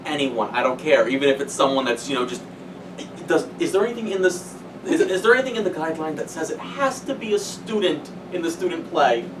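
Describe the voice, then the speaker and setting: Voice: mid-range voice, expressive, a little fast, close to an everyday voice. A performer playing a weary, rambling school-play organizer in an improv scene, heard from a distance over room noise.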